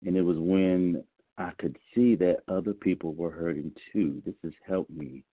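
A man from South Carolina reading aloud and then sharing his story in a halting way, with many restarts. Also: low voice, husky, no echo. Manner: halting, frequent "you know" and restarts. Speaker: meeting reader and sharer. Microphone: phone. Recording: tinny phone line.

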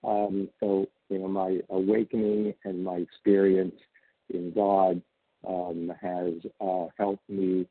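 Israeli guy sharing real slow and flat on a phone call, husky voice. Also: low-pitched. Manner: slow, hesitant, many fillers. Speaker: recovery meeting member sharing. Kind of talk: brief share on a phone meeting. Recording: phone line.

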